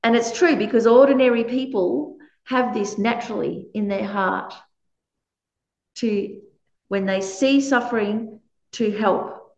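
A woman's voice: a little high, measured pace, vocal fry, darkish tone, roomy sound, highs cut off. A woman giving an earnest, conversational Buddhist teaching, full of chatty asides. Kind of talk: conversational dharma talk.

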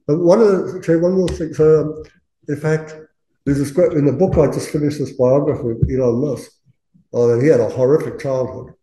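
A man's voice: fairly high pitch, fairly even intonation, fairly quick, mellow. A man giving a casual Buddhist Dharma talk, chatty, often laughing and acting out quoted voices. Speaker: Buddhist teacher. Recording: roomy echo.

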